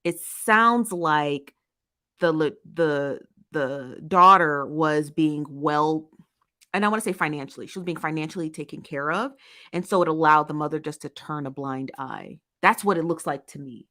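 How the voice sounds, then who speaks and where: Lady host riffing on comments, lowish voice, keeps saying okay? right?. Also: unhurried, sharp tone. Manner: emphatic, repeats points, checks in with "okay?" and "right?". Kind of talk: casual commentary reading viewer comments.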